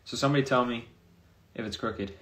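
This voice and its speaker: A young man talks into his phone during a casual livestream. He drifts from one viewer comment to the next in a loose, chatty way, with a voice that sits at an ordinary middle pitch. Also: a little fast, fairly bright tone. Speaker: streamer answering viewer comments.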